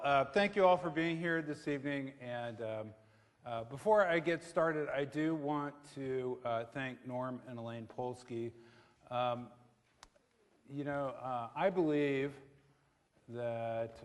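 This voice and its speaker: A man's voice: mid-range voice, big-room sound. A middle-aged man speaking on a theatre stage as a guest speaker on investing, casual and joking, with many fillers and restarts. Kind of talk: live public talk with jokes.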